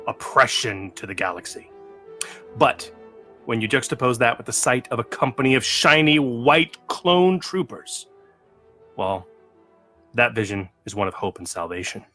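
A man's voice: medium pitch, unhurried, long pauses, faint music behind. A man co-hosting a tabletop gaming podcast, reading a dramatic intro and chatting with frequent restarts. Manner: lively, theatrical delivery with frequent restarts. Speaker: podcast co-host. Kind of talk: casual chat and scripted intro.

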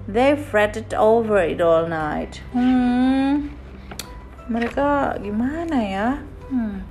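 A woman reads a picture book to her child, pausing to explain each page. Her voice sits high and she moves slowly and patiently. Soft music plays faintly in the background. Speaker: parent reading to a child. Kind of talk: reading a picture book aloud.

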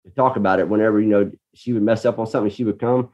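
A man's voice: on the low side, fairly even intonation, very fast, dull audio. A man in a casual conversation, earnestly telling a story about being a parent. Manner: earnest storyteller, reenacts his own shouting.

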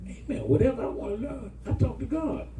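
A middle-aged man pastor, preaching an animated sermon with call-and-response to his congregation. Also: very high-pitched, a little fast, far from the mic, over a noisy crowd. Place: church hall. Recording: echoey church room, mic from afar, congregation.

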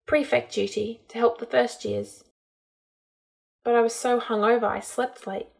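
A woman reading a storybook, voicing a distraught young witch healer who talks in a halting, tearful way. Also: fairly high pitch, steady tone, vocal fry, a little mellow. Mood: confessing.

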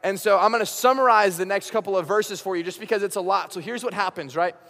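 A young male pastor preaching to a youth crowd, his voice pitched high for a man and full of animated, casual storytelling. The sound rings with a long hall reverb. He slips into quick acted-out dialogue as he retells the story. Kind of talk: youth sermon.

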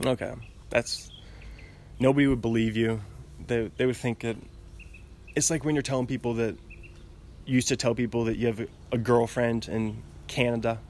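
A man's voice: mid-range voice, flat delivery, moderate pace, pauses often, a little mellow, a little hiss or hum. A man in his twenties hosting a podcast alone, rambling in casual chat with frequent giggles and restarts. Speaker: podcast host. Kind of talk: casual solo podcast monologue.

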